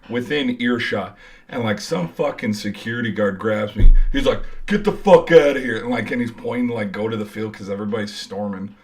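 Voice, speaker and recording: A young man telling a game-day story in a casual, rambling way, swearing freely and filling with "like". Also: on the low side. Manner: rambling, profane, lots of "like". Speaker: college football fan vlogger.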